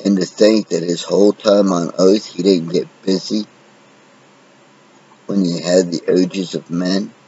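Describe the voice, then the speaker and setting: A man's voice: sits low, fairly even intonation, a little slow, dark tone, muffled recording, a little hiss or hum. A man from the United States delivering an unscripted, combative monologue full of profanity. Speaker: vlogger.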